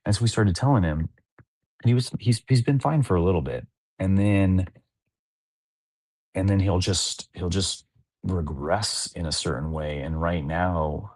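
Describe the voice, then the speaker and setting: A man's voice: sits low, a little slow, pauses often, a little mellow, dry recording. A man in his thirties, a father co-hosting a podcast, chatting casually and rambling with lots of filler words. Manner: rambling, heavy use of "like" fillers. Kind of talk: casual chat.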